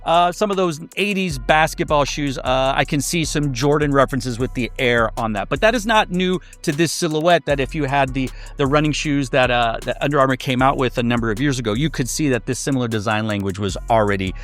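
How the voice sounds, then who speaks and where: A man's voice: medium pitch, brisk, few pauses, a bit bright, soft background music. A man giving a casual sneaker review, chatty and loose, with many fillers and restarts.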